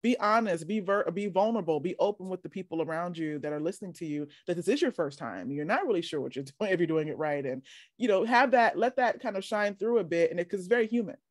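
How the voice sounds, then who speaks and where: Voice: mid-range voice, lively intonation, fast, dry recording, studio quality. A workshop leader teaching casually over a video call, chatty and encouraging, often asking "right?".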